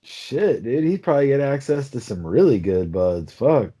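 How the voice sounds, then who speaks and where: A man's voice: medium pitch, very animated, normal speed, warm tone, husky. A young man co-hosting a comedy podcast, goofy and drawling out his puns. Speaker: podcast co-host. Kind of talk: casual comedy podcast chat.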